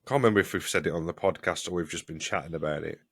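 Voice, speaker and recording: Low-voiced man, blunt and sweary. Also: racing, fairly bright tone, no room sound, studio quality. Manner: blunt, swears freely, stumbles and restarts. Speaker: podcast co-host. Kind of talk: casual watch-along chat.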